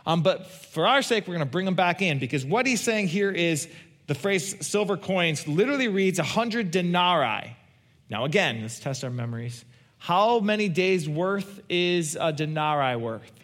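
A man's voice: high voice, a bit bright. A pastor preaching a conversational sermon, asking his listeners questions and answering them. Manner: conversational, asks the congregation questions.

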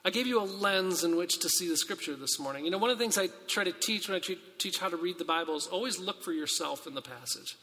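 Bright, high-voiced man preaching in a reverberant hall. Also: animated, fast, hardly any pauses. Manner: earnest, conversational, rhetorical questions, restarts. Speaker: pastor. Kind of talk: sermon with scripture reading.

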